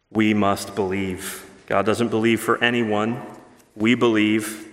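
A male pastor preaching a sermon, earnest and emphatic, rushing through asides and slowing down to stress key words. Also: on the low side. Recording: long hall reverb.

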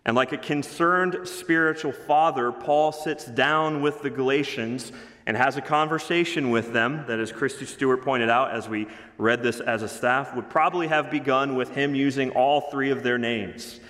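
A man preaching a sermon as pastor, emphatic, rising louder on key phrases. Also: mid-range voice, steady tone, moderate pace. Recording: long reverb of a large hall.

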